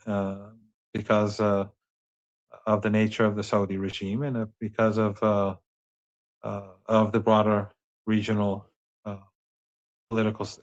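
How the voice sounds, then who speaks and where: A man, a professor speaking as an interview guest, talking in a measured way with frequent restarts. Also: fairly low pitch, fairly bright tone, dull audio. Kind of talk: remote interview commentary.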